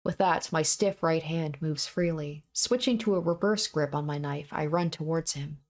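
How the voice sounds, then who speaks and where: A woman's voice: deep voice, normal speed, lightly acted. A woman reading the first-person narration of a young man, in a grim, repetitive inner monologue from a visual novel. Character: young man narrating his own bloody fight. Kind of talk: visual novel read aloud.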